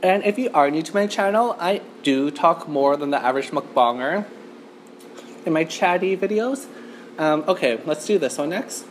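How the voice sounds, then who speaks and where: A woman's voice: deep voice, animated, moderate pace, a little hiss or hum. A woman from Canada hosting a chatty mukbang eating show in an empty restaurant, talking to the camera with lots of "like" fillers. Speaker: mukbang host.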